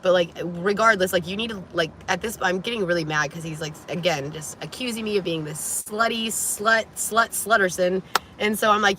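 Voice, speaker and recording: A woman vlogger telling a personal story to camera in a casual, animated way, frank and profane, with many "like"s, from inside a vehicle. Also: medium pitch, moderate pace.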